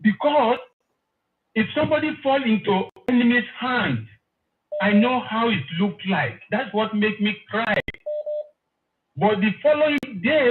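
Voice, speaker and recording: A high-voiced man phones in, emotional and gushing as he repeats his praise again and again. The phone call sounds tinny, with a little hiss or hum.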